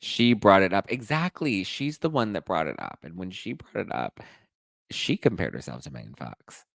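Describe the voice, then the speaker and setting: Sassy guy dishing reality tv gossip, lowish voice, dry close mic, lots of mock outrage. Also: sing-song, normal speed, creaky, a bit bright, dry recording. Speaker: host. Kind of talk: casual chat with live chat.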